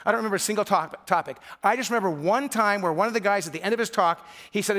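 High-voiced pastor preaching conversationally. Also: male voice, fast talker, fairly bright tone. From Michigan. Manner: conversational storytelling, acting out quoted voices. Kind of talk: sermon.

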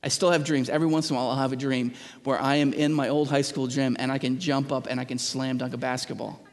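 A man's voice: medium pitch, flat delivery, quick pace. A middle-aged man, a pastor, preaching earnestly to a congregation, stumbling over restarts and asking the people questions. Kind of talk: sermon. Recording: long hall reverb.

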